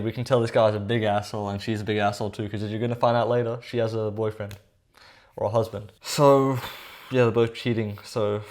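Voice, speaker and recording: Fast-talking sarcastic young man. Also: medium pitch, darkish tone. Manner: sarcastic, exasperated, casual slang. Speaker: reaction commentator. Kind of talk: comedic commentary reading text messages aloud.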